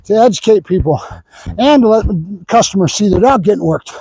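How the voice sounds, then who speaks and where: A middle-aged man training a dog outdoors, explaining plainly between high sing-song bursts of praise. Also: expressive, fairly quick, creaky, mellow, slightly rough, dry recording, rough recording. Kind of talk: casual training demonstration.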